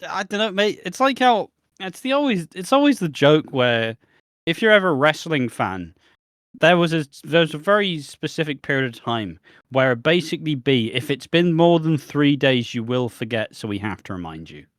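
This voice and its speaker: A man's voice: a little high, animated, normal speed, fairly bright tone, dry recording. A man co-hosting a podcast in casual chat, with wry jokes and dry sarcasm. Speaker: podcast co-host.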